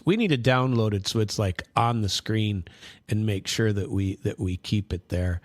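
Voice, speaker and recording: A man hosts casual political commentary, rambling and circling back with sarcastic asides. His voice sits fairly low. The recording is dry, with no room sound. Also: normal speed, no echo. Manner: rambling, many fillers and restarts, sarcastic asides. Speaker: host.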